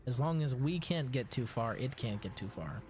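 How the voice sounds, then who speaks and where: A man's voice: mid-range voice, expressive, moderate pace, darkish tone, soft background music. Laid-back joking male game streamer. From Texas. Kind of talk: casual gaming chat.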